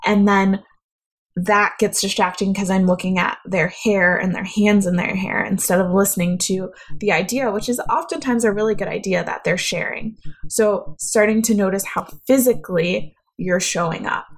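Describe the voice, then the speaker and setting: A woman's voice: mid-range voice, moderate pace. Woman giving friendly speaking tips. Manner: conversational, coaching the listener directly. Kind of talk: instructional talk.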